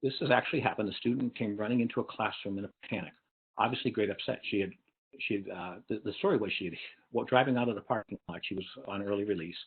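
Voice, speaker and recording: Male webinar presenter, lowish husky voice, patient explainer who keeps asking "okay?", heard over a thin phone-like line. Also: fast talker. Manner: explains with frequent "okay?" check-ins. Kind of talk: lecture on parenting and teaching. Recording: tinny phone-like online webinar audio.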